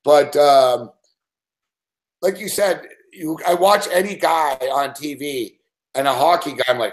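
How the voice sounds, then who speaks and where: A man's voice: a little high, animated, normal speed. Canadian man breaking down bets. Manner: explains picks plainly, laughs easily. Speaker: sports betting analyst. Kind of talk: casual live betting analysis.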